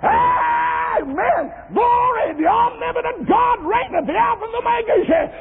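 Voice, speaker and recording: A man preaching a sermon, rising into shouted, sung chanting with cries of praise. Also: very high-pitched, very animated, normal speed, vocal fry, crowd noise. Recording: tinny lo-fi recording in echoing hall.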